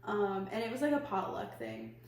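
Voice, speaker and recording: A woman's voice: medium pitch, huge pitch swings, normal speed, recorded from a distance. A young woman co-hosting a podcast tells a rambling personal story, peppering it with "like" and laughing easily. She sits some way from the mic in a very echoey room, with a faint hiss underneath. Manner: rambling, heavy use of "like", laughs often. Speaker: podcast co-host. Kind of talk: casual storytelling chat.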